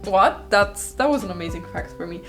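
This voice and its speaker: A woman's voice: medium pitch, lively intonation, moderate pace, fairly bright tone, soft background music. A woman vlogging about her bullet journal in rambling, self-deprecating casual chat, speaking English as a non-native speaker. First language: not English. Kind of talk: casual chatty vlog.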